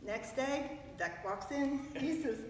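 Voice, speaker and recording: A woman's voice: sits high, slow pace, darkish tone. Woman telling jokes in an echoey hall. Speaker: folk musician telling jokes. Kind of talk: casual joke telling. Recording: echoey hall from far off, faint noise.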